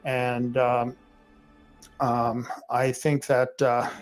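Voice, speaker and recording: A man's voice: medium pitch, flat delivery, drawn-out words, smooth, faint music behind. A male podcast host with a rural American accent, talking casually to listeners in a rambling way full of fillers and restarts.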